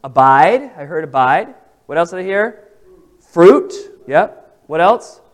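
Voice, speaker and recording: Guy running a bible study, slightly high voice, casual and chatty, keeps asking the group stuff. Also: lively intonation, slow pace. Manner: conversational, asks the group questions. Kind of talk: interactive Bible study teaching.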